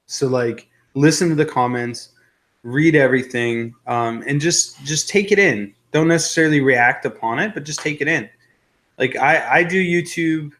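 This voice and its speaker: A man's voice: a little high, normal speed, fairly bright tone. Chatty male livestream host. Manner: rambling, joking, reads viewer comments aloud. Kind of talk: casual live-stream chat.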